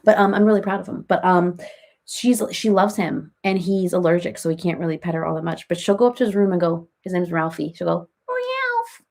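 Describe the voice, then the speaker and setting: A woman's voice: lowish voice, sing-song, brisk, vocal fry, a little mellow. A woman playing a rambling, chatty reality-TV woman in a comedic parody livestream, who baby-talks her cats and answers viewers by name.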